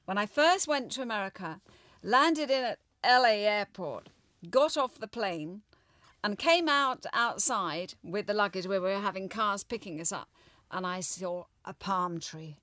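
An older woman from London with a well-spoken English accent, telling stories in a lively, expressive way in an interview. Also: medium pitch, unhurried, no echo. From England, London. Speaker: interview guest, former child show actress. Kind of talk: casual reminiscing interview.

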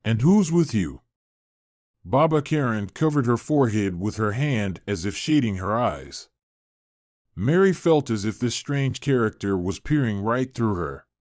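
A man narrating a fairy-tale story in a measured, expressive way. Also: fairly low pitch, no echo, studio quality.

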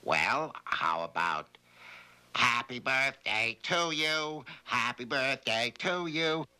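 A man playing a helpful friend who offers slow, dry suggestions in a 1970s TV sketch. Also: mid-range voice, very animated, bright, forceful tone, exaggerated voice.

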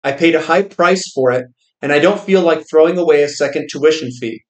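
Casting: man voicing dignified old trader, formal and stubborn, fairly high voice, roomy sound. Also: fairly quick, close to an everyday voice. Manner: formal, old-fashioned address. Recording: roomy echo.

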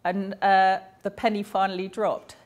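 A woman's voice: medium pitch, little pitch movement, normal speed. A woman, voicing a deaf speaker's personal stories aloud in a chatty, anecdotal way, with small self-corrections along the way.

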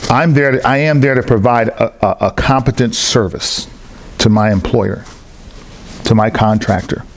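A man's voice: medium pitch, normal speed, a little hiss or hum. A man preaching a sermon in a church hall, telling personal stories and acting out the voices of the people in them. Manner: animated storytelling, acts out other people's lines.

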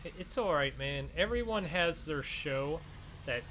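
An excitable man hosts a farming game role-play, bursting into loud, dramatic exclamations. His voice sits a little high for a man. Game engine sounds are clearly audible behind him. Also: unhurried, slight background noise. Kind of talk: gaming role-play commentary.

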